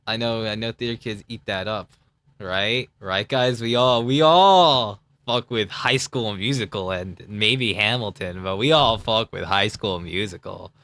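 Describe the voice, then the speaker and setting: A young man on a live stream rambles and laughs through casual commentary, his voice sitting on the low side. The sound is close and dry. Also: a little slow, fairly bright tone, no echo. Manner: rambling, laughing, filler-heavy. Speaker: streamer reacting to his own parody series.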